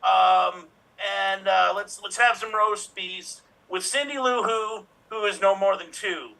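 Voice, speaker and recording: Gravelly, bright-toned Grinch voiced by a man, slow and exclaiming. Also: high voice, exaggerated voice, rough recording. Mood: overjoyed. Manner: exclamatory, rambling, goofy. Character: the Grinch, grumpy green creature softening.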